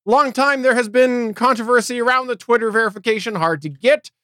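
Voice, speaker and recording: A man's voice: extremely high pitch, fairly quick, pushed and bright, dry recording, studio quality. A man co-hosting a geek news podcast, talking casually and often restarting his phrases. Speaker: podcast co-host. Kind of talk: casual chat.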